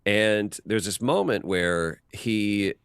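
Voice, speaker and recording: Deep-voiced man telling lively stories. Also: takes it slowly, clean tone, dry recording, studio quality. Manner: animated anecdotes with acted-out quotes, frequent restarts. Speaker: voice actor guest. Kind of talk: casual interview storytelling.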